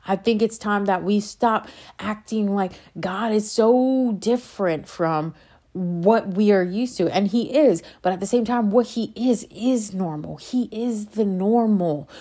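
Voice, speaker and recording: With a warm, mid-range voice at a measured pace, this woman delivers a casual spiritual monologue as a faith vlogger. She's impassioned, rambling and interrupting herself as her feelings build.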